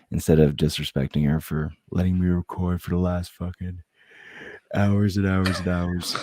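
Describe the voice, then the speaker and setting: A man's voice: deep voice, gravelly, darkish tone. A man on a late-night podcast, apologetic and tired.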